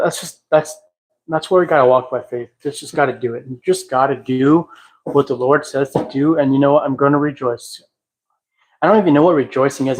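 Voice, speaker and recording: Guy on a home livestream thinking out loud, halting, kinda reflective, sings quietly here and there. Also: medium pitch, poor audio. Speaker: livestream host. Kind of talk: casual livestream talk. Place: at home, cleaning a house.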